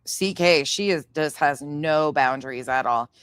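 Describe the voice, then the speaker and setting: A woman's voice: deep voice, unhurried, clean tone, dry recording. A woman streamer in an angry live-stream rant, swearing heavily and exasperated as she reacts to a clip. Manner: heavy swearing, exasperated ranting.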